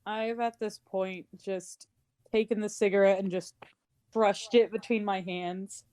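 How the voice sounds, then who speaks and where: A woman's voice: medium pitch, fairly even intonation, unhurried, darkish tone. A woman playing a tabletop role-playing game, sarcastic and swearing often. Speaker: player. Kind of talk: in-character tabletop play.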